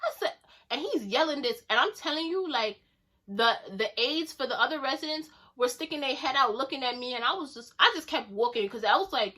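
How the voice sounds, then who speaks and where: A chatty woman tells a storytime to her camera, slangy and animated, acting out each line of dialogue. Her voice sits on the higher side and rings very bright. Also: brisk. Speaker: YouTuber telling a storytime. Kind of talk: casual storytime vlog.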